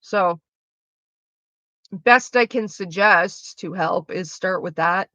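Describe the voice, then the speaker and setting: A woman's voice: fairly low pitch, slow pace, sharp tone, dry recording. A woman livestreaming, answering her chat in a frank, chatty way and swearing freely. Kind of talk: casual chat.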